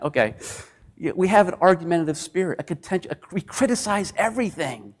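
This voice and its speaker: A man delivers a sermon in a notably high-pitched voice. He preaches with animation, slipping into the voices of complainers and sometimes dropping close to a whisper. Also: fairly quick. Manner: animated preaching, acts out grumbling voices, drops to near whispers. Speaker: pastor.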